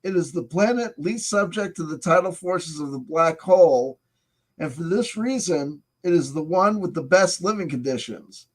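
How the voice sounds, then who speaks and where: A man with a slightly high voice reviewing a tabletop game supplement in a casual way. He reads the text aloud and cuts in with sarcastic, profane remarks. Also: expressive, moderate pace.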